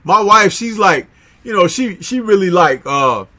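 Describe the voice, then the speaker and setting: High-voiced laughing Chicago man. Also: a little slow. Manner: animated, laughs often, slangy. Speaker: livestream host reading chat. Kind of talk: casual live chat.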